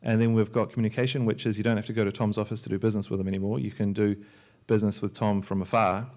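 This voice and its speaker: A man, a software entrepreneur and filmmaker, giving a loose, joking talk on a library panel, with many restarts and fillers. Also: fairly low pitch, little pitch movement, racing. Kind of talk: conference talk. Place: lecture hall at a library.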